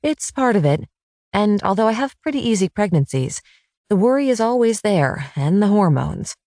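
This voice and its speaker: A woman's voice: mid-range voice, very animated, normal speed, darkish tone, dry recording, clean studio sound, voice pushed up. A woman reading as a chatty young mother in an audiobook, speaking eagerly and explaining.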